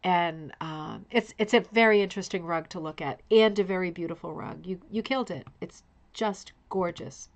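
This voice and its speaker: A woman's voice: fairly low pitch, moderate pace. A woman hosting a casual live online show, talking effusively and addressing viewers by name. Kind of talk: casual livestream commentary.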